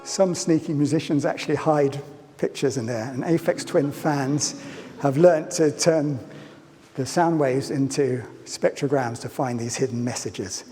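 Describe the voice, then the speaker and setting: A man's voice: mid-range voice, measured pace, music in the background. A man giving a public lecture, playful and fond of asking his audience questions. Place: lecture hall. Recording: lecture hall reverb, faint ambience.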